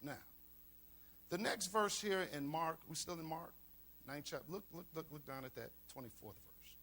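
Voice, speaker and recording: A man's voice: on the high side, moderate pace, a bit bright. A man pastor preaching a sermon, repeating key lines for emphasis. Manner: preaching with call-and-response emphasis and repetition.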